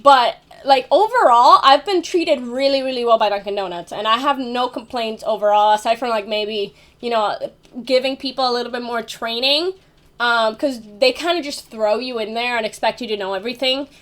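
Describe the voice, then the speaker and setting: A woman's voice: a little high, normal speed, fairly bright tone. A young woman telling a casual story about her job, full of fillers like "like" and "you know", with casual swearing. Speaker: vlogger.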